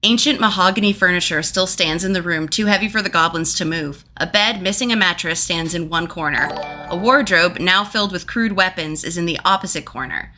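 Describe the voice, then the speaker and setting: A woman's voice: lowish voice, brisk, few pauses, bright, forceful tone, faint music behind. A woman running a tabletop game as game master, narrating casually and playfully and swearing freely.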